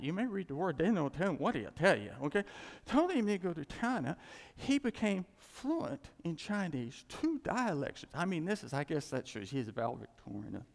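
A man preaching a casual, animated sermon, full of asides and acted-out dialogue. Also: fairly high pitch, vocal fry. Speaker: pastor. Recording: church hall with long reverb.

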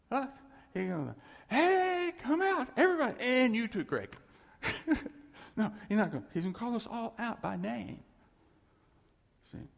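Male pastor, sermon, animated and playful; gravelly, husky, long hall reverb. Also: sits high. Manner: animated, acts out quotes, laughs often. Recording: echoey hall.

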